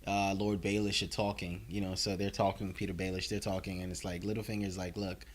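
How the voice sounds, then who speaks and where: A man's voice: low voice, flat delivery, brisk. A man casually recapping and reviewing a TV episode, rambling along with many filler words. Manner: rambling, heavy on "you know" fillers.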